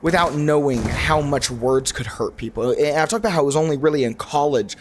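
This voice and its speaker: A young gaming YouTuber rambles casually while playing a video game, animated and constantly correcting himself as he restarts sentences. His voice sits on the high side and runs a little fast, with slight background noise.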